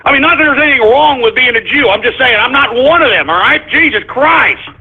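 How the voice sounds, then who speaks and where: A man's voice: very high voice, quick pace, vocal fry, husky. A man hosting a call-in radio show, ranting in a profane, irritated, blustering way. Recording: phone-like narrow audio.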